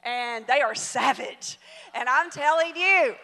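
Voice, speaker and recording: A woman in her forties preaching as a guest speaker, telling a personal story. She swings from soft asides to loud exclamations. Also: high-pitched, takes it slowly. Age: 40s. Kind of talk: sermon with storytelling. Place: church auditorium. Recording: long hall reverb.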